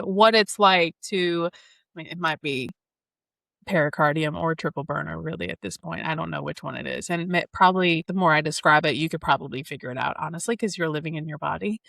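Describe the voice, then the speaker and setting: A woman's voice: lowish voice, moderate pace, vocal fry, a bit bright, dry recording. A woman in her thirties hosting an astrology reading, talking in an enthusiastic, flowing way with spiritual wording. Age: 30s. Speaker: astrologer and podcast host. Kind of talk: casual spiritual conversation.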